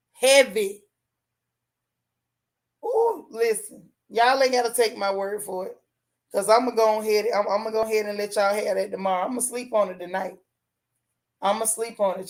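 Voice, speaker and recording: A woman hosting a casual gossip livestream, chatting with viewers in a sassy way and repeating lines for emphasis. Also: mid-range voice. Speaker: host of a gossip and TV recap livestream.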